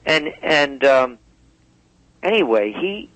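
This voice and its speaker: A man's voice: medium pitch, big pitch swings, slow pace, a bit bright, no echo. A man speaking as a guest in a radio interview, emphatic and heated as he tells a story. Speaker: guest commentator. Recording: dull dry phone line.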